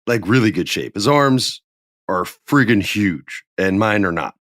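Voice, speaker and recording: A man telling a lively anecdote on a podcast, with a dry, close sound. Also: lowish voice, unhurried, no echo. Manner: animated, acts out quoted voices. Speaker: podcast guest telling a story. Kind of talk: casual storytelling.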